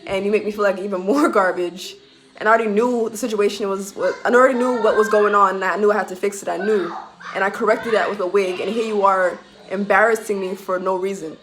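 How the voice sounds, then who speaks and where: A woman's voice: mid-range voice, fairly even intonation, fast. A young woman telling a personal story time in a casual, heated way, swearing and laughing through it. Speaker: vlogger telling a military story. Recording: loud background noise hiss.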